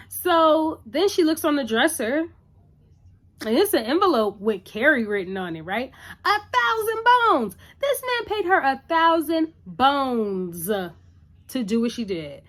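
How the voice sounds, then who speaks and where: A woman casually recapping a TV episode in a chatty, animated way, acting out what the characters say. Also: a little high, a little slow. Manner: chatty, animated retelling with acted-out quotes. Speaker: TV recap vlogger.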